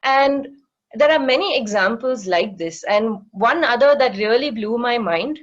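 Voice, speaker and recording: A woman in her thirties, a marine educator, gives an online talk with slides as a guest speaker. Her voice is a little high with lively intonation and a slightly slow pace, and she explains things patiently with many fillers over dull audio.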